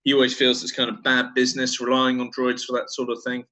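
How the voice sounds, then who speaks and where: A man's voice: medium pitch, monotone, fast talker, pushed and bright, poor audio. A man narrating as game master for a tabletop game, hesitant and full of ums.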